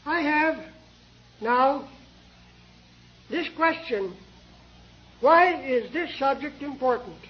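A man preaching a sermon in a deliberate, measured way, pausing often between phrases. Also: extremely high pitch, highs cut off. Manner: slow, deliberate, with many pauses.

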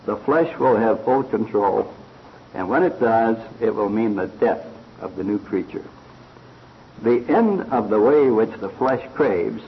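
A man preaching a sermon slowly and earnestly, retelling a fable with quoted voices. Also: medium pitch, slight background noise. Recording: dull lo-fi recording.

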